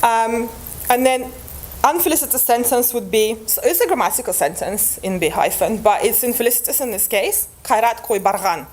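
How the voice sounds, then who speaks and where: A woman's voice: on the high side, animated, moderate pace, a little mellow. A woman presenting linguistics research at an academic conference, explaining step by step with frequent restarts and fillers.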